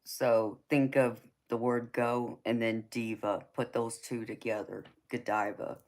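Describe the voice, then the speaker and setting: A woman hosts a relaxed live stream, answering her viewers' comments one by one in an unhurried, easygoing way. She teases them fondly, calls them honey and baby, and laughs often between her remarks. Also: extremely low pitch. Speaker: tarot reader and live-stream host.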